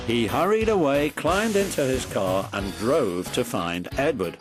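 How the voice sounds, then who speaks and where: Male storybook narrator, slow and expressive, faint music behind. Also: mid-range voice.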